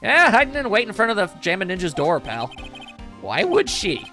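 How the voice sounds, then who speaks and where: A bumbling, gruff police detective from a video game played by a man, blustery and quick to say "pal". His voice rises and falls a lot. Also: sits high, wildly swooping pitch, music in the background. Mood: sheepish.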